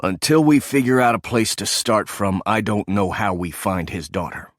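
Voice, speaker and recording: A bitter, sarcastic male ex-agent, voiced by a man, low and accusing. The sound is close and dry. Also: normal speed, no room sound, natural voice.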